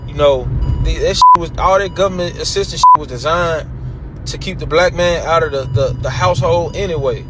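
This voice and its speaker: A man's voice: fairly high pitch, wildly swooping pitch, brisk. A man ranting sarcastically, recorded outdoors or in a car. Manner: sarcastic, drawling. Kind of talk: casual vlog rant. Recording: traffic noise behind.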